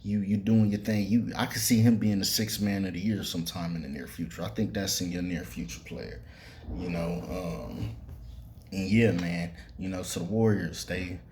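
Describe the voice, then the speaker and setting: A man's voice: low-pitched, steady tone, moderate pace, a little mellow, slight background noise. A man hosting a sports podcast, talking loosely and profanely with many fillers, speaking straight to the players. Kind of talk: casual sports commentary monologue.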